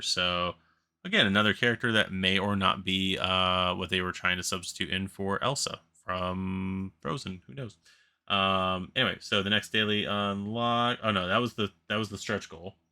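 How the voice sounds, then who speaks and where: Sleepy male game-channel host, low-pitched and rambling, keeps correcting himself. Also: sharp tone. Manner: rambling, self-correcting, laughs at his own slips. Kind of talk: casual solo commentary on a crowdfunding campaign.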